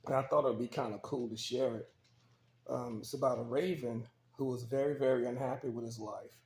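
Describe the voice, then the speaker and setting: A man casually telling a parable out loud, relaxed and loose with his words. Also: mid-range voice. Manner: relaxed, loose with fillers and repeats. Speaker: storyteller. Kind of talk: casual spoken storytelling. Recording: roomy echo, faint background hum.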